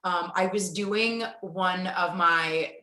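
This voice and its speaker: A woman hosting an interview, her voice low-pitched but bright and forceful. She talks with enthusiasm and slows down to stress key words. The room is echoey and roomy. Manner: warm, enthusiastic, slows down for emphasis. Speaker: podcast host. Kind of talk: casual interview chat.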